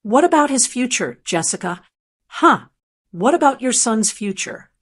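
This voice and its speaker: A woman's voice: on the high side, very animated, a little slow, fairly bright tone, slightly rough, full character voice. A woman voicing a scheming middle-aged man who bullies his sister, mocking and pushy.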